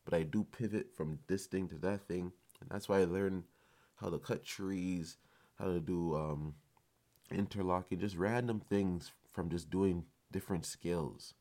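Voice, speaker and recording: On his podcast, a man with a low, warm voice delivers a loose motivational monologue at a slightly slow pace and with fairly even intonation. He sounds casual and fired up, stressing his points and swearing freely.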